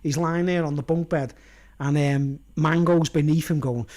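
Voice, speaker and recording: A man's voice: on the high side, fairly even intonation, moderate pace, warm tone. A man rambling casually in a vlog, chuckling at his own jokes and checking in with "you know what I mean". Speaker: vlogger.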